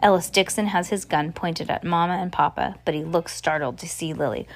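A woman with a fairly low voice reads a ghost story aloud as a storybook reader, going a little fast. Her reading is expressive, though she occasionally breaks off for a casual aside.

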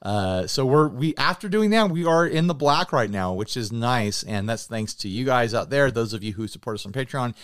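Smooth-voiced man chatting casually. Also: medium pitch, moderate pace, few pauses, no room sound, studio quality. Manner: relaxed, rambling, thankful. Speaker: podcast co-host. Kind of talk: casual chat.

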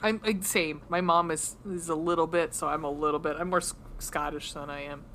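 A woman's voice: low voice, fairly even intonation, fairly quick, fairly bright tone, a little hiss or hum. A woman co-hosting a book podcast in casual, teasing chat, laughing often. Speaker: podcast co-host.

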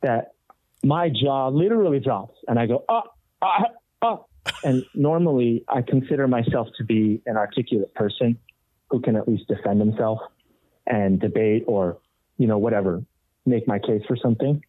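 A man telling a casual story as a podcast guest, in an average pitch, acting out the voices of the people in it with animation. The audio is thin and phone-like, and the sound is dry and close. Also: moderate pace, no room sound. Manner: animated, acts out quoted voices. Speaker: podcast guest, rock guitarist.

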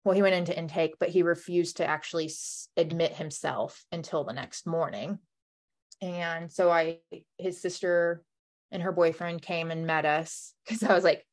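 A woman's voice: on the low side, steady tone, moderate pace. A young woman telling a personal story in a conversation, talking emotionally with many "like" fillers and acting out what people said. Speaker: guest.

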